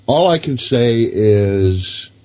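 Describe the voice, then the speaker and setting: A man's voice: medium pitch, expressive, very slow, a little mellow, lo-fi sound. A man on a talk show, answering hesitantly and laughing nervously. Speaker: guest. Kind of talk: casual chat.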